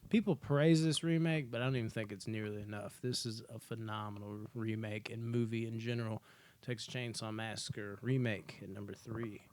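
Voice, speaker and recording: Animated, foul-mouthed man ranking movies. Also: lowish voice, normal speed, background noise. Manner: animated, swears freely, acts out scenes in put-on voices. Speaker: podcast co-host. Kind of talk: casual movie ranking chat.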